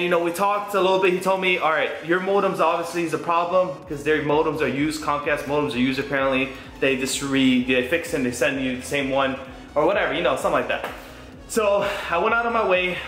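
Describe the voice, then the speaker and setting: Excitable young man in an echoey room. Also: on the high side. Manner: excitable, swearing, rambling. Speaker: gaming YouTuber. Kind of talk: casual vlog update. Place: home room.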